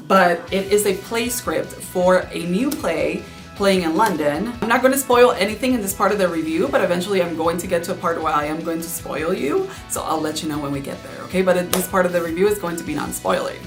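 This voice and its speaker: A woman's voice: lowish voice, lively intonation, fairly quick, faint music behind. A young woman with a Cuban accent, hosting a casual book review vlog and chatting eagerly to her viewers. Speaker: book reviewer, channel host.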